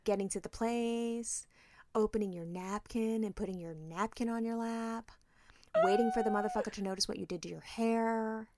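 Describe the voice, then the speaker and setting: A woman co-hosting a casual podcast chat, acting out stories with quick asides and plenty of swearing. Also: on the high side, a little hiss or hum. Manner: animated storytelling, acting out both sides of a date with quick whispered asides; swears freely. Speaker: podcast co-host.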